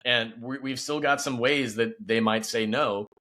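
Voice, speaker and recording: A man's voice: medium pitch, fairly even intonation, a little slow, pushed and bright. A man speaking as a guest and company founder in a casual podcast interview, upbeat and peppered with "you know".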